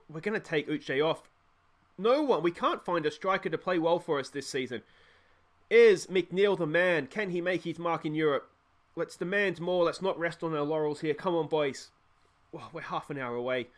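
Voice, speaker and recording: Excitable high-voiced male game commentator. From Australia. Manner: cheers and shouts at goals, chatty and joking. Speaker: gaming YouTuber. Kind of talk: excited let's-play commentary.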